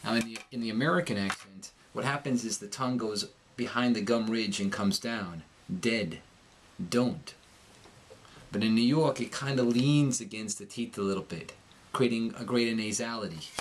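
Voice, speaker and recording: A man teaching an accent lesson in a middle-pitched voice. He explains each sound and repeats the drill words slowly and clearly. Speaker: accent coach.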